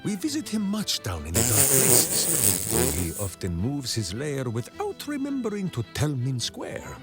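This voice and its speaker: A man's voice: mid-range voice, huge pitch swings, measured pace. An actor playing a boisterous, grandiose male warrior-ranger in a video game, who speaks of himself in the third person. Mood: boastful. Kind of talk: video game character dialogue. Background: faint game music.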